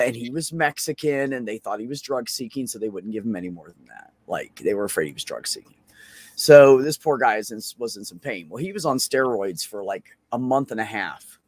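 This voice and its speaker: A man talks over a video call with a dry, close sound and no room echo. He rambles through a story in a loose, chatty way, full of swearing and fillers. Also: mid-range voice. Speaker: open mic show host. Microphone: computer microphone on a video call.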